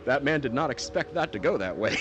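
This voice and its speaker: A man's voice: medium pitch, animated, brisk. A man streaming a game, rambling through casual commentary and laughing stories. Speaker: gaming streamer. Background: game music.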